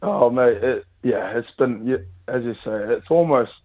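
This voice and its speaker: Heard through narrow, tinny audio, a rugby player in his thirties with a New Zealand accent is a casual radio guest. His medium-pitched voice moves at a moderate pace, and he chats easily with many fillers.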